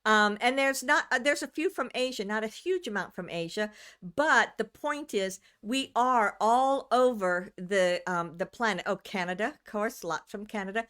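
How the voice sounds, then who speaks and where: A woman's voice: mid-range voice, moderate pace, a bit bright, clean tone. A woman from the United States, a channeler hosting a live stream, chatting casually with viewers, rambling, restarting sentences and greeting people by name.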